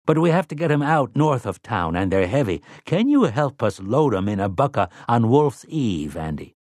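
An earnest, plain-spoken farmer, voiced by a man, blunt and rustic in how he talks. His voice sits a touch higher and louder than the narration, in dry, close sound. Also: very animated, normal speed, no room sound.

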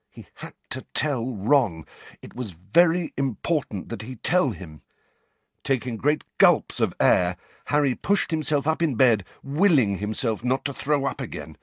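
Expressive male audiobook narrator. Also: mid-range voice, slightly rough, dry recording. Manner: dramatic, expressive storytelling. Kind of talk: scripted narration.

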